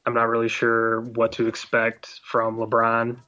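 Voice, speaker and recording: A man's voice: mid-range voice, monotone, a little slow, bright, forceful tone, no echo. A man co-hosting a casual sports podcast, agreeing readily and chiming in, on a lo-fi recording. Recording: dull lo-fi recording.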